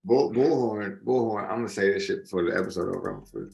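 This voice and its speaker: A man co-hosting a casual podcast chat, talking in an animated, profane way and laughing often. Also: fairly low pitch, fast talker, gravelly, reverberant, soft background music. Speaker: podcast co-host.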